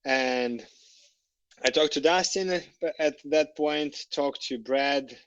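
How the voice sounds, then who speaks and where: A man telling a long personal story as a podcast guest, lively and animated, acting out the conversations he recounts. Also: medium pitch, slow pace, smooth, dry recording, highs cut off.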